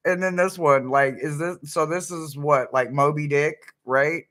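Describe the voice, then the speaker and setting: A man's voice: fairly high pitch, fairly even intonation, a little slow, hardly any pauses, a bit bright. A man tarot reader on a live stream, laughing almost nonstop and exclaiming giddily while unboxing a deck.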